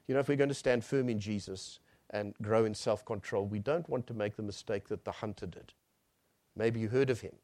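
A male preacher giving a sermon. He swells on key phrases and then drops to a near hush. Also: fairly low pitch, fairly quick, no echo, studio quality.

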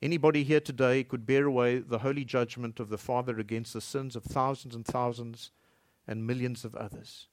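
A man preaching a sermon as pastor in a church, swinging between loud emphatic lines and soft low passages. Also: fairly even intonation, brisk, dry recording, studio quality.

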